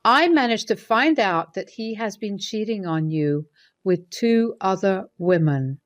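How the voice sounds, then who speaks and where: A woman's voice: medium pitch, lively intonation, a little slow, natural voice. A woman voicing a caring middle-aged mother-in-law who speaks hesitantly and soothingly while reading a story's dialogue. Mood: concerned.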